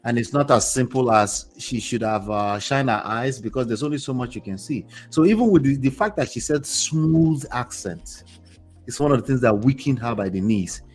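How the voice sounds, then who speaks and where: A man from Nigeria with a Nigerian accent, hosting a casual talk show and speaking in an animated, joking way with emphatic repetition. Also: medium pitch, moderate pace, husky, faint music behind. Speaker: podcast host. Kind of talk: casual chat.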